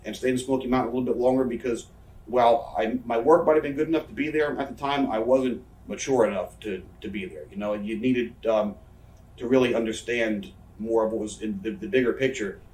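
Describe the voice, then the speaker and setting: A man's voice: medium pitch, a little fast, darkish tone. A man in his thirties telling rambling, profane, self-mocking stories as an interview guest. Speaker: interviewee, professional wrestler. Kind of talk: casual storytelling interview. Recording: roomy room, mic set far off.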